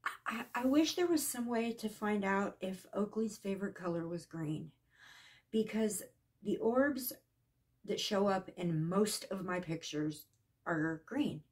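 A woman telling a personal story in a casual, earnest way, halting and shaken at times. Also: mid-range voice, lively intonation. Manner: earnest, emotional, halting with restarts. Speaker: psychic vlogger.

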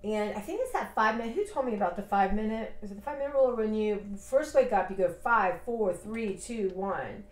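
A woman's voice: medium pitch, expressive, fast, hardly any pauses, darkish tone, echoey room. A woman in her fifties in a casual personal vlog, talking in a rambling, reflective and heartfelt way. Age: 50s. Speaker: vlogger.

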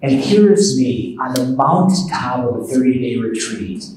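A man's voice: medium pitch, expressive, normal speed, darkish tone, a little hiss or hum. A man, a priest, telling a personal story in a conversational, self-deprecating retreat talk. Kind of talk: storytelling sermon. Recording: echoey hall, voice from far off.

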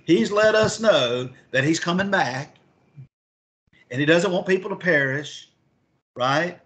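A man's voice: on the high side, lively intonation, a little slow, fairly bright tone. Man teaching a Bible class. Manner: asks the class questions, reads scripture aloud. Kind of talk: interactive Bible lesson.

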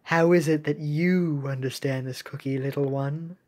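A woman's voice: deep voice, steady tone, moderate pace, darkish tone, pitched below the performer's own voice. A woman voicing a stern, proud cookie navy captain who gives dry, commanding orders while she reads game cutscenes. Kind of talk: reading game cutscenes aloud.

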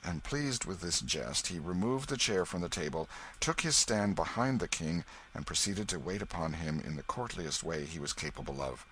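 A man narrating a classic novel audiobook in a measured storytelling manner. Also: sits low, lively intonation, a bit bright, a little hiss or hum, low-quality recording. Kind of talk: scripted narration.

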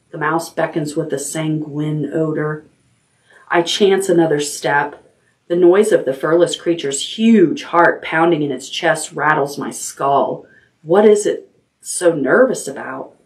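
A woman librarian reading a chapter book aloud at bedtime, unhurried and expressive. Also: lowish voice, recorded from a distance.

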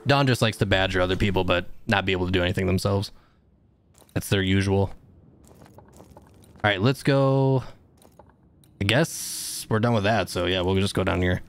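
A man streaming a video game live, chatting casually with his viewers and shouting at the screen during fights. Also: low-pitched, moderate pace, pauses often. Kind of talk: casual gameplay livestream chat.

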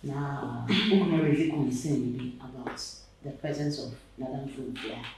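A man's voice: medium pitch, unhurried, heavy reverb, distant mic, noisy background, close to an everyday voice. A man with a Ghanaian accent acting an aggrieved man of the house who complains and explains at length. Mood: complaining. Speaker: actor in a web drama. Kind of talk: dramatic dialogue.

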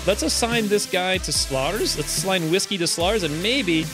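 A man's voice: moderate pace, hardly any pauses, over music. A man with the hiccups giving casual commentary over his own gameplay, muttering his moves and then yelping when things go wrong. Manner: excitable, jumps between calm muttering and high yelps. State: has the hiccups. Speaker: let's play gamer.

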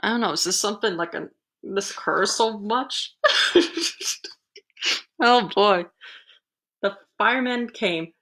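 A woman librarian reading a picture book aloud to children, animated, with playful asides. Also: medium pitch, normal speed. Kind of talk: storybook read-aloud.

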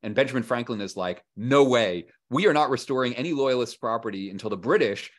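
Guy chatting about history, middle pitch, does little voices for who he's quoting, lots of um and restarts. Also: fairly quick. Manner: animated storytelling, acting out quoted historical figures in casual voice; frequent fillers and restarts. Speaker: historian and author guest. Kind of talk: conversational interview.

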